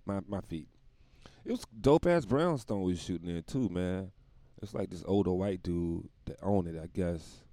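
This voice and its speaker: Rambling, laughing man with a low voice. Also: dry recording. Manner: rambling, laughing, profane, bursts into loud put-on voices. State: dog tired. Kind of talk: casual comedic monologue.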